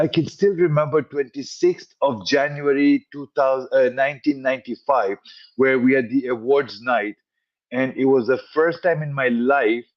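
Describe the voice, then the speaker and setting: A man's voice: mid-range voice, dull audio. Earnest middle-aged man telling his story. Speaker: guest.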